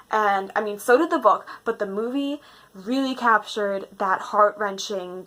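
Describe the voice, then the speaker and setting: A young woman in a casual, rambling movie-ranking chat, gushing and animated with lots of fillers. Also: mid-range voice, rough recording. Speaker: book video host.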